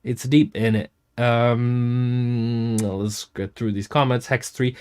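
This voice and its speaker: A man's voice: medium pitch, steady tone, slow pace, clear, resonant tone. A man hosting a casual livestream, reading out and answering chat comments in a rambling, self-interrupting way with casual swearing. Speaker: music producer hosting a chat stream.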